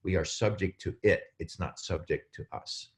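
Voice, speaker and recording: Podcast guest, male, low voice, lively explainer who acts out quotes. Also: normal speed. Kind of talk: casual podcast chat.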